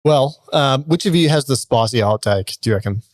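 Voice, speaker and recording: A man's voice: mid-range voice, lively intonation, fairly quick, dry recording, studio quality. A man with an Australian accent hosting a casual podcast chat and ranting animatedly about his hot takes. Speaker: podcast host.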